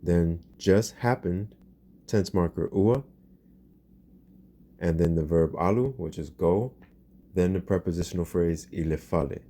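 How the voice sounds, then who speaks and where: A man's voice: low voice, a little slow, long pauses, dark tone. A man teaching a grammar lesson, patiently explaining and repeating example phrases. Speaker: language teacher.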